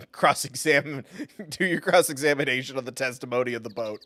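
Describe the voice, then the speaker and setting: A man's voice: medium pitch, animated, moderate pace, fairly bright tone, dry recording. Wisecracking male game streamer. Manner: playful, wisecracking, laughing often. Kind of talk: jokey gameplay commentary.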